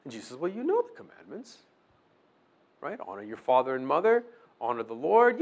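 Animated male preacher, lively pitch. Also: a little fast. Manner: animated preaching, acting out quoted prayers, asks the listeners questions. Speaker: pastor. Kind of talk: sermon.

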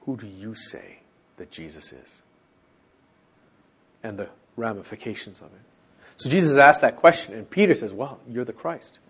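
Man, husky voice, Bible study leader, animated, acts out quotes, asks the group questions. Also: moderate pace, long pauses. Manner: animated, acts out quoted lines with raised pitch.

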